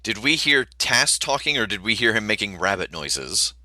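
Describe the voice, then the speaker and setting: A man's voice: fairly low pitch, very animated, pushed and bright, no room sound. A man playing a tabletop game, playful and joking. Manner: playful, quick jokes. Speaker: player. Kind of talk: casual tabletop play.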